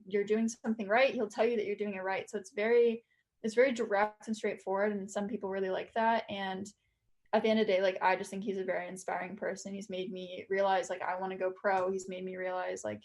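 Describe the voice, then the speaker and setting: An earnest young woman chats as a guest on a sports podcast, her voice holding to a narrow, even pitch. She speaks casually, leaning on filler words as she talks about her game. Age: young adult. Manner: earnest, chatty, many "like" fillers. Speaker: college soccer captain and center back, guest.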